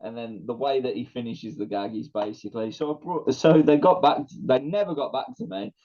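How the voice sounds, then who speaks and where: Animated man telling a story, mellow voice. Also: medium pitch, fairly quick. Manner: animated storyteller, laughing, acting out quotes. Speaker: podcast co-host. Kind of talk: casual chat. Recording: dull lo-fi sound.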